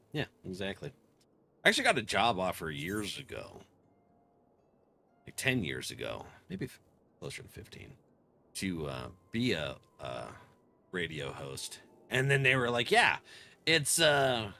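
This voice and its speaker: A man's voice: fairly low pitch, vocal fry, pushed and bright. A man streaming a game, chatting casually, joking, swearing and laughing often. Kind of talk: casual live-stream commentary.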